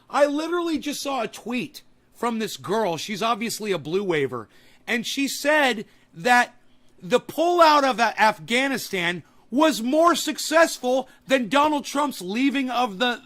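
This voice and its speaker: A man hosting a political podcast, ranting profanely and breaking into shouts. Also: high voice. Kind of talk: angry political rant.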